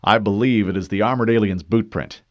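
A man's voice: lowish voice, fairly even intonation, brisk, no room sound, natural voice. A man voicing a disciplined male super-soldier who answers stiffly and formally. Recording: dull dry studio read.

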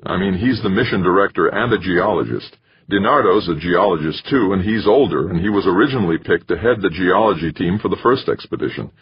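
A man voicing a calm, diplomatic mission leader who reasons things out in a measured way. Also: low-pitched, husky, dull audio, pitched above the performer's own voice, heavily acted.

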